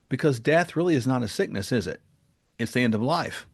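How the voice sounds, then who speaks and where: A man with a gravelly voice speaks as a podcast guest. His voice sits at a medium pitch. He tells stories earnestly and gets animated as he goes. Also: fairly quick. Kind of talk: casual interview talk and storytelling.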